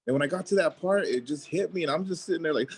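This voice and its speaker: A man's voice: a little high, fast talker. A man co-hosting a podcast in casual chat, easygoing, with fillers like "man" and "dude". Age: adult.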